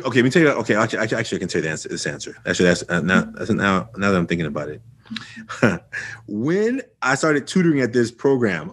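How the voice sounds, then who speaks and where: Husky-voiced man telling an animated story. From Oakland, California. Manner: animated, acts out quoted dialogue with jumps in pitch; frequent restarts and fillers like "you know" and "right". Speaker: podcast guest. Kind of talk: casual storytelling interview.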